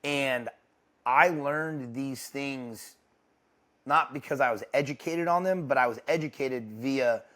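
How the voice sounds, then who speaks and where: Candid halting man, guest talk. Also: medium pitch, fairly bright tone. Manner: candid, halting, with frequent restarts. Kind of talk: casual interview talk. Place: ranch home.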